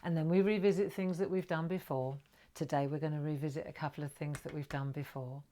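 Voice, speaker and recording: A middle-aged woman hosting a live craft stream, chatting warmly with viewers, greeting them brightly and sometimes dropping to a whisper. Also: sits low, steady tone, a little fast. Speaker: craft livestream host.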